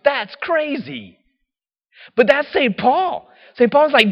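A man preaching a sermon in a lively, casual way, full of slang and acted-out quotes. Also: very high-pitched, slow pace, long reverb tail, highs cut off.

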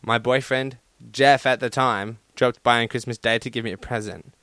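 A man's voice: mid-range voice, fairly even intonation, normal speed, fairly bright tone, dry recording. Swearing, self-mocking young man podcaster. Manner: profane, self-deprecating, joking. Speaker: podcast host. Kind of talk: casual solo podcast chat.

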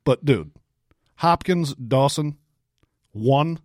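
A man's voice: medium pitch, expressive, drawn-out words, a little mellow, no room sound. Profane, dry-voiced male podcast co-host. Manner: profane, loose storytelling. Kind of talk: casual chat.

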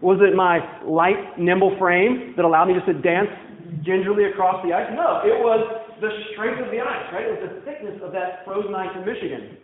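A man's voice: high-pitched, normal speed, few pauses. A young man from Louisiana preaching a sermon in a church, telling stories casually with wry asides. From Louisiana, USA. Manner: conversational storytelling, wry asides. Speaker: pastor. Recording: tinny, echoey church recording.

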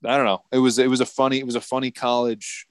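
A young man in his twenties chats casually on a podcast, rambling through a story with frequent swearing and laughter. His voice sounds dry and close, with no room echo. His pitch sits in the middle range. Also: flat delivery, quick pace. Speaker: podcast co-host. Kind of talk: casual chat.

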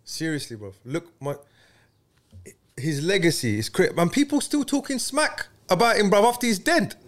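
A man talks casually on a podcast, his fairly high voice swinging up and down as he presses his points. He talks in a preachy, animated way and keeps dropping in slang. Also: moderate pace. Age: 30s. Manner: animated, preachy, peppers speech with "bruv". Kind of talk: casual chat.

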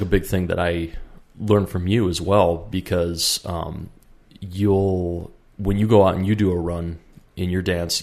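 A man with a very low voice rambles through a casual podcast chat. He circles back on himself, stacks up fillers and restarts, and talks through his points at an easy pace. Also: gravelly. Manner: rambling, many fillers and restarts, acts out quotes. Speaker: podcast co-host.

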